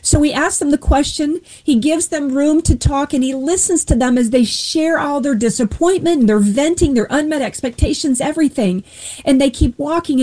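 A woman's voice: sits high, dark tone. A woman sharing an earnest faith testimony, retelling a Bible story vividly as a guest.

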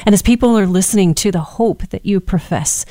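A woman's voice: mid-range voice, fairly quick, dark tone, dry recording, clean studio sound. A woman hosting a faith talk show, responding to her guest with emotion.

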